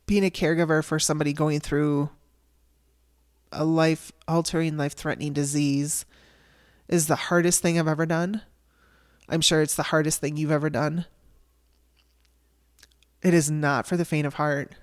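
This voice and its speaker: A woman's voice: deep voice, flat delivery, moderate pace, pauses often. A woman hosting a podcast, telling a raw personal story in a candid, emotional way and swearing casually. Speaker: podcast host.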